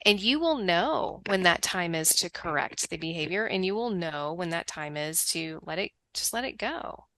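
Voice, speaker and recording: A middle-aged woman, a podcast guest telling family stories in an animated way, taking on other people's voices as she quotes them. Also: lowish voice, moderate pace, no echo. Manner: animated storyteller, lively quoting of others. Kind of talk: conversational podcast interview.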